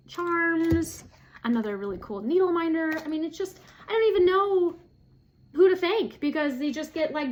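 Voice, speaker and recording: A woman talks casually to her camera in a vlog, in a voice pitched a little high. She rambles in a friendly way, with plenty of fillers, and laughs at herself. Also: slight background noise. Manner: chatty, giggly, self-deprecating with many fillers. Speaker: flosstube vlogger.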